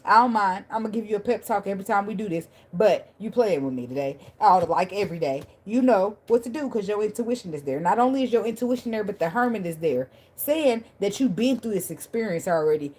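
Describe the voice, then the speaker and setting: A woman's voice: medium pitch, expressive, fast, few pauses, darkish tone, poor audio. A woman giving a casual tarot reading to her viewers, blunt, profane and preachy, laughing at times and thanking viewers by name. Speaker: tarot reader.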